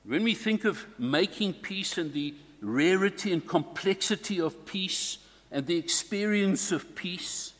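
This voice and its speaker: A man preaching a sermon to his congregation in a slow, deliberate way, stressing key words. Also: high-pitched, animated, fairly bright tone, big-room sound.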